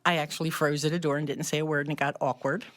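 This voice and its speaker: Woman, low voice, casual storytelling, laughs often. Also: very fast. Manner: animated, laughs often while talking. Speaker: club member telling her story. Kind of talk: casual storytelling in a group chat.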